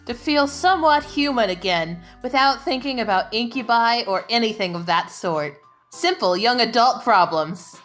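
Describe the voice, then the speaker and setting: A woman's voice: a little high, animated, normal speed, a bit bright, faint music behind. A young adult woman joking bluntly as she plays a game with friends. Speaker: let's play host. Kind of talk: casual game commentary.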